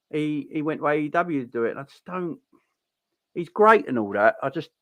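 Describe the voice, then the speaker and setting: A man's voice: medium pitch, a bit bright, no room sound. A man co-hosting a wrestling review show, giving incredulous opinions. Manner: opinionated, incredulous, swoops up when exasperated. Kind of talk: casual chat.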